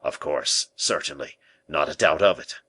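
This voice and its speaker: A man's voice: rumbling low, normal speed, pushed and bright, breathy edge, pitched below the performer's own voice, heavily acted. A man voicing a frightened, flustered prison governor in an audiobook, his lines full of panicked exclamations. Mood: anxious. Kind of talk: audiobook character reading.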